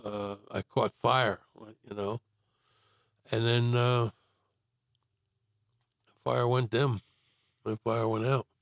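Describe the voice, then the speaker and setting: A man's voice: medium pitch, level tone, slow, vocal fry, pauses often, dry recording, studio quality. An older man telling his life story in a casual interview, rambling with many fillers and acting out quotes.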